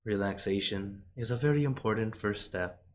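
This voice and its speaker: A man who is a monk, leading a guided meditation in slow, gentle, drawn-out phrases, his voice a little rough from a cold. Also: fairly low pitch. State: has a cold, voice lower than usual.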